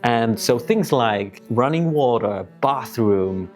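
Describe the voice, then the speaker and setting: A man's voice: mid-range voice, animated, slow pace, a little mellow, faint music behind. A man hosting an explanatory video essay, thinking aloud in a reflective way with occasional restarts.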